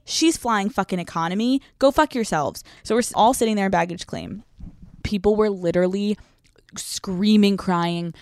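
A young woman hosts a solo podcast in a brash, foul-mouthed, rambling way. Her voice sits in an ordinary middle range. The sound is close and dry, with no room echo. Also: medium pitch. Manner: brash, profane and fast-talking. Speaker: podcast host. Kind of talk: casual solo podcast chat. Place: restaurant brunch. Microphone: phone.

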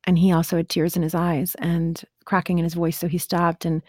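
Her voice is lowish and darkish with a breathy edge, delivered flatly at a fairly quick clip. She's a motivational speaker casually telling a personal story to camera, earnest and chatty with lots of "like" and "right?", captured in clean studio sound without echo.

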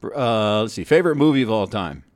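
A man hosting a podcast, putting brisk, quick questions to his guest in a casual interview. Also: on the low side, expressive, dry recording, clean studio sound. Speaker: podcast host.

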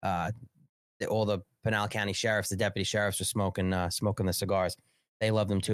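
A man's voice: fairly low pitch, flat delivery, a little fast, no echo. A man hosting a live-streamed political commentary show, ranting and agitated, with heavy profanity, on a close studio mic. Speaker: talk show host.

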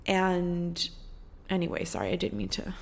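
Earnest woman, low voice, podcast monologue. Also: big pitch swings, creaky. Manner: earnest, frequent swearing and "like" fillers; slows down for emphasis, repetitive. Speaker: podcast host. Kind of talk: casual heartfelt monologue.

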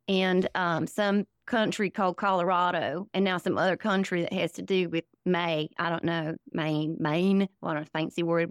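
A woman's voice: fairly low pitch, clear, resonant tone, no echo, studio quality, close to an everyday voice. A woman voicing a dim, sweet-natured woman with a put-on Southern US accent, talking in a rambling, folksy way.

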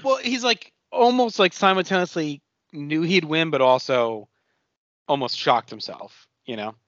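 A man's voice: fairly high pitch, animated, measured pace, fairly bright tone, dry recording, muffled recording. A man co-hosting a podcast in casual chat, enthusiastic and rambling. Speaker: podcast co-host.

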